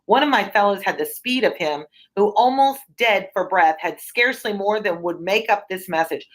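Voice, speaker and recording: A woman's voice: medium pitch, expressive, moderate pace, close to an everyday voice. A woman reading a castle messenger's lines aloud in a plain voice. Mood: urgent. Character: breathless male castle messenger.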